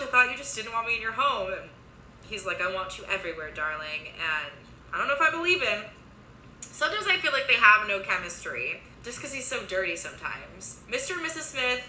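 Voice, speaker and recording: A young woman casually recapping a TV series, chatty, with quick asides and lots of filler words. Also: lowish voice, bright, forceful tone, roomy sound, slight background noise, rough recording.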